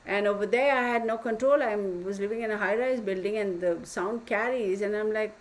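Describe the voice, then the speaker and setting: A Texas woman runs a tarot channel, chatting casually and bluntly with viewers she often calls y'all. Her mid-range voice moves briskly with hardly any pauses, and the low-quality recording from a home room with an open window picks up a neighbor's dog barking.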